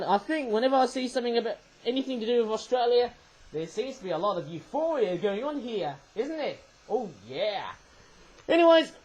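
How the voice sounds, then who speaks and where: Toy review vlog host, chatty, playful, giggling, tag questions, loud jokey exclamations. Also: medium pitch, poor audio. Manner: exclaims and jokes loudly at mishaps.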